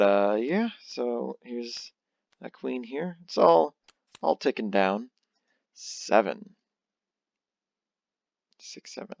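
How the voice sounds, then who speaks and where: Young male let's-play host, low gravelly voice, dry, dull lo-fi sound, rambles and pokes fun at himself. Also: no echo. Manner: rambling, self-deprecating, thinks out loud. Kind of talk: casual gameplay commentary. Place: home. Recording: dull lo-fi home recording.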